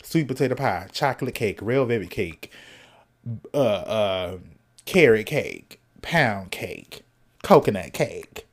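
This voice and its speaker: A man hosting a solo podcast in casual chat, sassy and animated, cussing freely and snacking as he talks. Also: on the low side, slow. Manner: snacking while talking. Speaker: podcast host.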